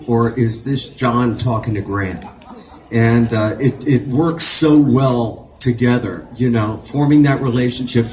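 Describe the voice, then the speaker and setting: A man from Virginia speaks as a convention panel guest at a middle, unremarkable pitch. He tells his stories with animation and slips into the voices of the people he quotes. A faint hiss sits under his voice. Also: poor audio. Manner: animated, acts out the lines of others in the story. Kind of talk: storytelling on a fan convention panel.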